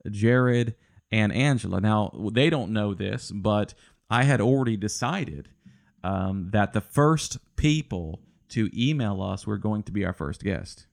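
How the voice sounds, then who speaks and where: Male podcast host, low gravelly voice, playful teasing delivery, video-call sound. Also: expressive, a little slow. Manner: joking, teasing, talks over others. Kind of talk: casual chat.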